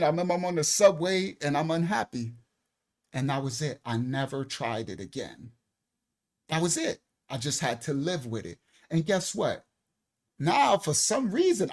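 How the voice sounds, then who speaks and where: A middle-aged male minister tells a personal story in a sermon, talking in a casual, animated way and often repeating words. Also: on the high side, normal speed.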